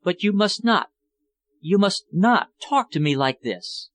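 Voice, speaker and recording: A man's voice: sits high, expressive, a little slow, voice pushed up. A man doing a distressed young wife. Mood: pleading, distressed. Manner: pleading, raised and breaking voice. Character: distressed young married woman, proud but fragile.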